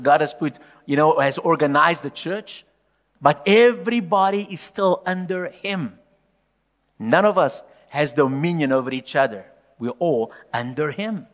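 A male pastor preaching a sermon emphatically, swinging from loud declarations to hushed, low lines. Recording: long hall reverb.

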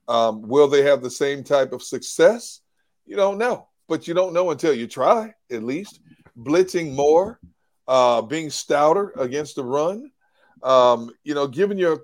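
A man talking as an analyst on a post-game show, animated, repeating words and acting out quotes from others. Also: mid-range voice. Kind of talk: casual sports talk.

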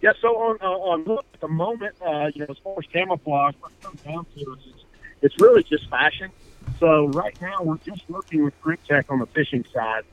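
A man's voice: a little high, lively intonation, a little fast, narrow, tinny audio. A man, co-founder of a fishing apparel brand, talking casually in a radio interview, rambling with many fillers and restarts.

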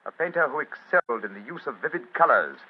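An actor playing a cool, precise master detective, quietly superior, in 1940s radio acting style. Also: male voice, on the high side, lively intonation, quick pace, breathy edge. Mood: coolly accusing. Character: sharp, cool-headed male master detective. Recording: dull lo-fi 1940s radio recording.

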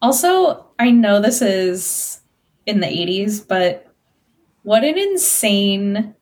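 A woman's voice: medium pitch, expressive, slow. Wry, joking woman co-host. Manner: wry, jokey reactions. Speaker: podcast co-host. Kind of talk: casual chat.

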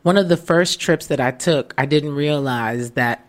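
Woman, low voice, co-host, casual heart-to-heart chat, animated storyteller, acts out voices. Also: unhurried. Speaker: podcast co-host.

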